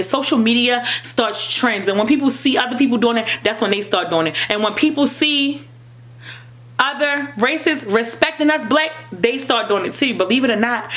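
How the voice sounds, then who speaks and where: A woman's voice: fairly high pitch, normal speed. A young woman with an African American English accent, giving impassioned personal commentary as a vlogger, emphatic and repetitive. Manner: emphatic, repetitive, rising to near-shouting.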